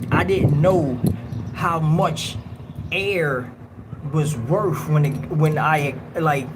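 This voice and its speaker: Slangy man telling a story on a noisy stream. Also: a little high. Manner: animated street slang storytelling, acts out others. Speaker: livestream host. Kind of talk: casual storytelling.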